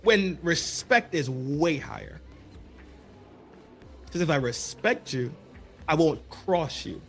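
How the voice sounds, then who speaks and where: Man ranting with lively, high pitch. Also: faint music behind. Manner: mocking, rapid-fire, repeats words. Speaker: podcast host. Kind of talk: mocking commentary rant.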